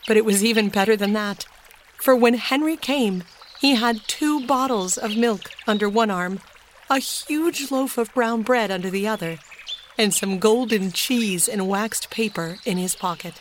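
A woman reading a children's storybook aloud in a steady, gentle way. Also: mid-range voice, slight background noise. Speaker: narrator.

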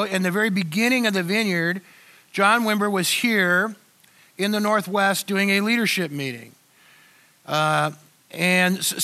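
An older man preaching as a pastor, talking to his congregation in a relaxed, conversational way with frequent restarts and fillers. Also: sits high. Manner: conversational, halting with many restarts. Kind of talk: sermon.

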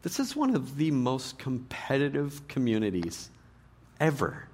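A middle-aged man preaching a sermon to a live church audience, joking and animated, swinging between loud punchlines and hushed earnest points. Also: mid-range voice, unhurried, husky. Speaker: pastor.

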